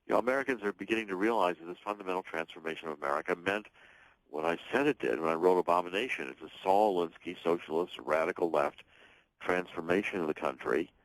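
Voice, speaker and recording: A man with a very deep voice speaks as a radio guest, driving his points emphatically and restarting his sentences as he goes. The sound is dry and close, with no room around it. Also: quick pace, no echo, poor audio. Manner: emphatic, talks in long runs with restarts. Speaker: guest author and political commentator. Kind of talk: talk radio interview.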